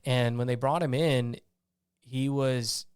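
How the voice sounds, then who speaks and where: A blunt male veteran tells war stories in a casual interview, acting out the lines people said back then. His voice is smooth and clear, at a middle pitch for a man. It sounds dry and close, with no room around it. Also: takes it slowly, no echo. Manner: animated storyteller who acts out his own past lines; blunt, salty. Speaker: guest, army veteran.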